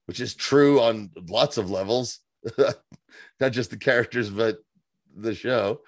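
A man co-hosting a casual podcast recap, animated and profane, reading out viewer reviews and acting out scenes. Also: medium pitch, measured pace, no room sound. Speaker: podcast co-host.

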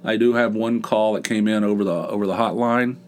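A man's voice: fairly low pitch, steady tone, fairly quick. A man hosting his own podcast in a casual, rambling, self-deprecating monologue, with a big dopey voice and many restarts. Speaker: podcast host.

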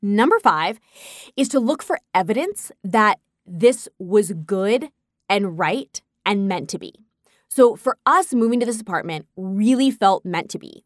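A woman's voice: mid-range voice, no room sound. Candid woman telling her story, dry sound. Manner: candid, animated when quoting herself, laughs often. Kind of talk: casual personal storytelling.

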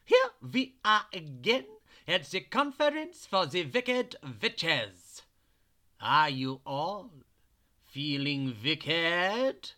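A gleeful wicked witch from a storybook, booming over her gathered coven and stretching her words out slowly, as a storyteller puts her on. Her voice swoops high and bright. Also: big pitch swings, exaggerated voice. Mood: gleefully wicked. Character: theatrical wicked witch hosting a conference.

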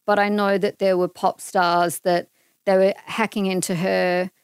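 Speaking at a measured pace in a smooth, medium-pitched voice, a middle-aged woman from Australia shares a personal story as a podcast guest. She's animated and acts out the dialogue in a casual conversation, recorded dry with clean studio sound.

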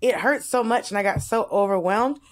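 A woman co-hosting a podcast and telling a story in casual, expressive chat. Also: medium pitch, fairly quick. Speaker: podcast co-host.

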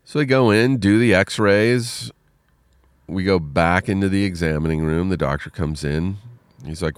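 A man's voice: low-pitched, measured pace, no room sound. A man casually telling a long, rambling personal story, full of fillers. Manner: rambling, filler-heavy retelling with many "like"s.

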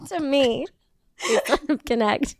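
A woman co-hosting a podcast in casual chat, animated, laughing often and swearing freely. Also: high-pitched, slow pace, dry recording, clean studio sound. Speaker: podcast co-host.

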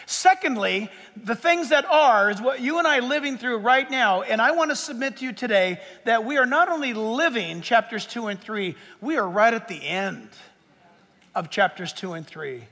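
Male pastor, quite high and forceful, preaching with humor in a reverberant sanctuary. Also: normal speed. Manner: lively, joking preacher who lists numbered points. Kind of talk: sermon. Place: church sanctuary with a live audience.

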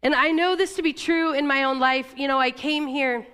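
A woman's voice: high-pitched, steady tone, moderate pace, fairly bright tone, in a large hall. A middle-aged woman giving a sermon in a candid, conversational way, with fillers and self-corrections. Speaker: church leader.

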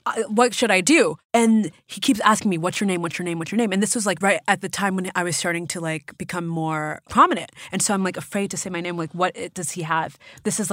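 Animated woman telling a story, dry studio sound. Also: mid-range voice, no room sound. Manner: animated, acts out quotes, many "like" fillers. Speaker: podcast guest. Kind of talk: casual storytelling.

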